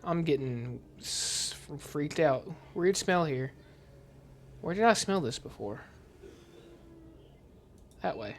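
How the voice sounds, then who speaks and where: A gameplay commentator reading a horror game's dialogue aloud while playing, in a hushed, uneasy tone. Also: medium pitch, expressive, slow, pauses often, slight background noise.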